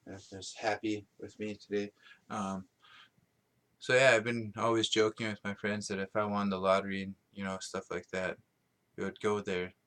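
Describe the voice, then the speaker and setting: Low-voiced man rambling on a podcast. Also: a bit bright. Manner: rambling, many ums and restarts, laughs at himself. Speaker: podcast host. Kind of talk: casual solo podcast rambling.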